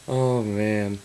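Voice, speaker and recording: A man's voice: on the low side, dark tone, a little hiss or hum, low-quality recording. A man opening trading card boxes on camera, reading out card names and breaking into stunned exclamations. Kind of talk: casual card-break commentary.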